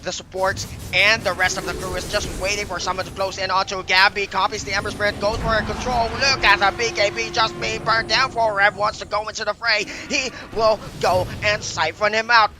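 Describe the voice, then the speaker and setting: A young man calling a live esports match in rapid, excitable play-by-play. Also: high voice, noisy background. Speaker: esports shoutcaster.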